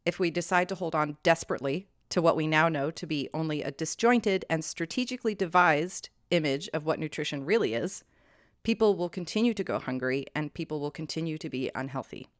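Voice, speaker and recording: A woman with a lowish voice presents her research on a podcast, reading steadily from notes. She breaks into sharp outrage at the injustices she describes. The sound is dry and close. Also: fairly quick, dry recording. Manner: reads prepared notes, flares into heated outrage. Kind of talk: scripted history podcast with casual banter.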